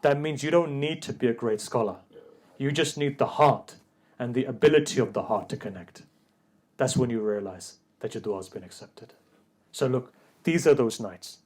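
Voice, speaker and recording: A man giving a religious sermon, moving from soft storytelling to a loud, grieving, high-pitched recitation. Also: moderate pace, husky. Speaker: preacher. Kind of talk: Muharram sermon, rising to impassioned chanting.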